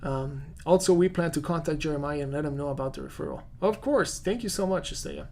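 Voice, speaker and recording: A man's voice: a little high, fast, gravelly, a little mellow, slight background noise. A man with a non-native English accent, a real estate agent hosting a casual live-stream Q&A, chatty and full of fillers as he answers viewer comments.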